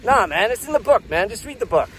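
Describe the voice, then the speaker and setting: A man's voice: high-pitched, sing-song, fast, a bit bright, slight background noise, pitched above the performer's own voice. A man voicing a friend who talks in a breezy, offhand, dismissive way. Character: know-it-all male friend with a book.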